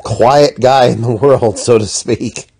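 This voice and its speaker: A man's voice: mid-range voice, steady tone, slow, warm tone, husky, no room sound. A man hosting an interview, asking casual questions and offering opinions. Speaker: podcast host.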